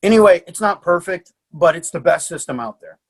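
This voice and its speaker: A man talking as a podcast guest, a martial arts coach telling lively anecdotes in casual conversation. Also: high-pitched, brisk, breathy edge. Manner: animated storyteller.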